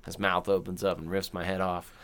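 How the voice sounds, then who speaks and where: A man co-hosting a casual movie review chat, animated and swearing freely, often acting out lines in silly voices. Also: low voice, fairly quick. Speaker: podcast co-host.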